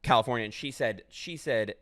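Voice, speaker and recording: A fast-talking man co-hosting a comedy podcast. His voice is bright and a bit sharp, and it sits dry and close to the mic. He jumps in often with quick, laughing banter. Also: medium pitch, no room sound. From Pittsburgh area. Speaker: podcast co-host. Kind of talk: casual podcast chat.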